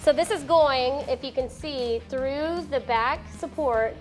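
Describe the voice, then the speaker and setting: A woman, co-hosting a DIY tutorial in a bubbly, teasing way. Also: sits high. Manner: bubbly, teasing, quick to laugh. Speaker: DIY builder and co-host. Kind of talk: casual build tutorial with bloopers. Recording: music playing behind.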